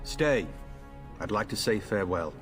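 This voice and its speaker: A man's voice: on the low side, expressive, moderate pace, soft background music, close to an everyday voice. A man voicing a confident, jovial warrior in a fantasy game. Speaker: game character. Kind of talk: game voice acting.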